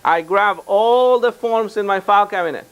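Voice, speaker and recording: A man's voice: high-pitched, normal speed, clear, resonant tone. A man, a real estate trainer, telling anecdotes to a live seminar audience and acting out what others said. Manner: animated anecdotes with quoted dialogue. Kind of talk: storytelling seminar talk.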